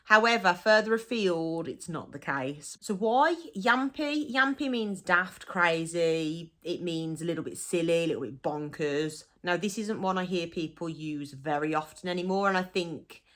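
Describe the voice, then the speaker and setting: A woman's voice: on the low side, moderate pace, few pauses, fairly bright tone. A young woman with a Black Country accent, chatting casually and giggling as she explains her local dialect. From Black Country, England. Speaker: vlogger.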